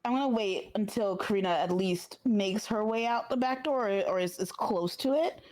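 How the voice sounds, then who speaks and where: A woman's voice: mid-range voice, normal speed, darkish tone. Woman player, casual game talk, hesitant, self-mocking. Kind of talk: casual tabletop game play.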